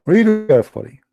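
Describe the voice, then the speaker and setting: Live-stream debate host, male, taunting and emphatic, slightly high voice, dark tone. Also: vocal fry, dull audio.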